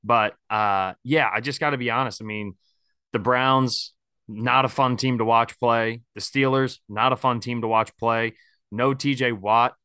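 A male podcast host chatting casually and candidly, with a bright, forceful tone. His voice is smooth and clear, recorded dry and close on a podcast mic. He rambles a little, leaning on fillers. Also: medium pitch, fairly even intonation, unhurried, dry recording. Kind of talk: casual sports podcast chat.

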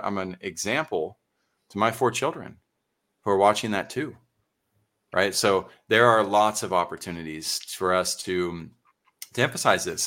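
Deep, bright-toned man speaking slowly. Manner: thoughtful, halting, with many fillers. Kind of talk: casual conversation.

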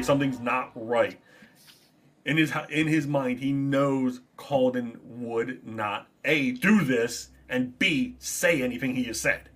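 A man playing a tabletop role-playing game, animated and swearing as he explains his character's thinking. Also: mid-range voice. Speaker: player. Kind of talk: casual tabletop play.

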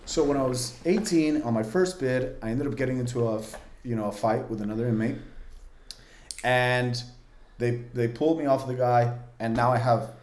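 A man's voice: mid-range voice, normal speed, darkish tone. Man telling stories in a roomy space. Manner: vivid, earnest, many "like" fillers. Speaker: podcast guest. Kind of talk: candid personal storytelling. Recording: roomy, echoey room.

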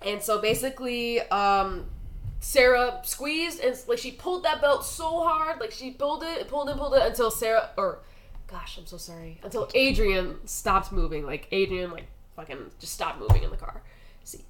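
A woman's voice: a little high, expressive, normal speed, fairly bright tone, low-quality recording. Rambling young woman retelling a crime story. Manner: rambling, lots of "like" and swearing, acts out quotes. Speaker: podcast co-host telling a true crime story. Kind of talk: casual true crime chat.

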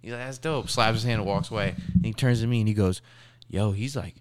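A young man in his twenties chatting casually on a podcast, telling animated stories and acting out what people said, swearing freely. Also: on the low side, quick pace. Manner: animated storyteller, acts out quotes, swears freely. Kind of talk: casual chat.

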